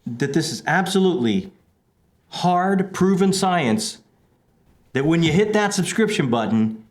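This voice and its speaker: A man with a fairly high voice co-hosts a relaxed book talk show. He talks in a big, animated, hammy way, swinging his pitch up and down as he playfully oversells. The talk stays casual and friendly throughout. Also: measured pace. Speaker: podcast co-host.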